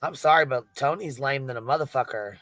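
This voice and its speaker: A man's voice: mid-range voice, brisk, fairly bright tone, dry recording. A man ranting bluntly in a casual chat, swearing a lot.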